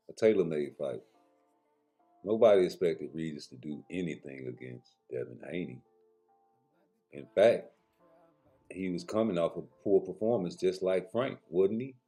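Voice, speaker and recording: A man's voice: low voice, warm tone, breathy edge. A man giving a blunt, slangy boxing commentary rant straight to his viewers, with profanity.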